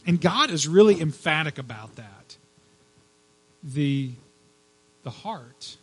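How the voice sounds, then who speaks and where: Male pastor, slightly high voice, casual halting sermon delivery, faint hum behind. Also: fairly bright tone, slightly rough, poor audio. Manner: conversational preaching with fillers and repeated words.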